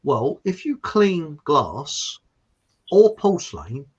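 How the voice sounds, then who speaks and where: Heard through a muffled recording, this Hertfordshire man has a slightly high, breathy voice that moves slowly but swings hugely in pitch. He hosts a casual chat show in an estuary English accent, chatty and rambling with frequent laughter.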